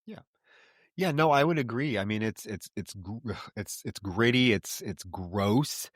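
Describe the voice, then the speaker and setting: A man co-hosting a podcast, recapping a film in a measured, reflective way and gathering his thoughts aloud as he talks, on a close podcast mic. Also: on the low side, dry recording. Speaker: podcast co-host. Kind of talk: casual film discussion.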